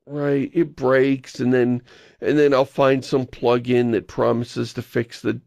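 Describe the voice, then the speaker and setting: A man chatting casually as a podcast co-host, rambling and wry with an exasperated edge. His voice has a gravelly, creaky texture. The recording is dry and close. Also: medium pitch, steady tone, a little slow, darkish tone, dry recording.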